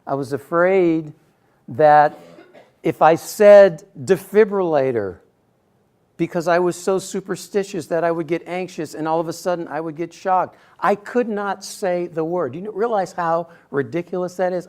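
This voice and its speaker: Animated storytelling man, high-pitched. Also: normal speed. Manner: animated storyteller, acts out quotes with sudden bursts. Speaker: speaker giving a personal talk. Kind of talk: storytelling speech to an audience.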